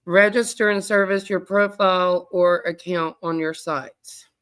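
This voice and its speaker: Lady streamer reading legal fine print out loud, kinda low voice, a bit sassy. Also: level tone. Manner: reads quickly, breaks off to chat with viewers; sassy asides. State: out of breath. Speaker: true crime livestream host. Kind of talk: reading a privacy policy aloud on a livestream.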